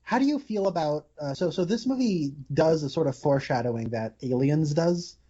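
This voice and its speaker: A man's voice: a little high, lively intonation, a little fast, dark tone. A man hosting a podcast, talking about films in a rambling, casual way with many fillers and restarts. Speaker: podcast host. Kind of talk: casual film discussion. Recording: dull lo-fi podcast audio.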